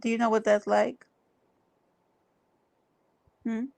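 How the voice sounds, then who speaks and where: A woman's voice: fairly high pitch, level tone, slow, creaky, darkish tone. A woman hosting a livestream, talking to her chat in an emphatic, preachy way and repeating her phrases. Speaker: livestream host. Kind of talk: casual livestream talk to chat.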